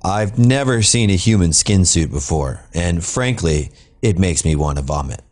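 A man's voice: low-pitched, animated, normal speed, a little mellow. A man voicing a sensible brother who talks plainly and matter-of-factly. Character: young male brother, sensible and deadpan.

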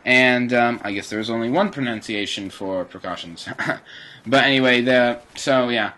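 Teenage boy, game commentator, rambling casual talk, filler words, bright tense tone, mid pitch. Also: normal speed. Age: teens. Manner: rambling, chatty, lots of fillers and self-corrections. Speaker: gameplay commentator.

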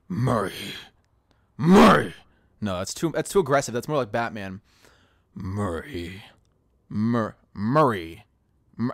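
Excitable man chatting on a game stream. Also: mid-range voice, dry recording. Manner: excitable, laughs often. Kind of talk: casual gaming stream chat.

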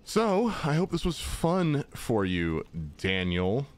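Lively, chatty young man gaming. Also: medium pitch, takes it slowly. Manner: chatty, jokey, talks to enemies. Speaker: gaming channel host. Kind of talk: casual let's-play commentary.

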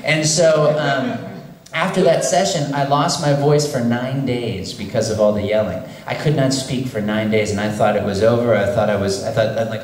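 A man's voice: medium pitch, fairly even intonation, moderate pace. A man speaking as a voice actor on a convention panel, telling a story in a playful way. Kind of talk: convention Q&A chat. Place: convention hall. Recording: roomy convention hall.

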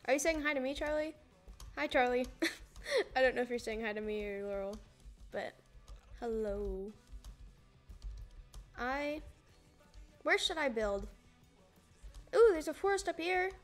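A chatty young woman talks to her viewers while she plays, rambling from one thing to the next in a fairly high voice. Faint music plays behind her. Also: expressive, unhurried, long pauses. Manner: chatty, rambling, often laughing, greeting viewers. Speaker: streamer. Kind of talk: casual livestream chat while gaming. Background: music playing.

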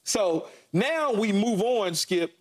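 A middle-aged man co-hosting a sports talk show, telling stories about his playing days in animated, punchy fragments with lots of repeats. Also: high-pitched, takes it slowly, a little hiss or hum. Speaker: sports talk show co-host, former NFL receiver. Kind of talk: casual sports talk storytelling.

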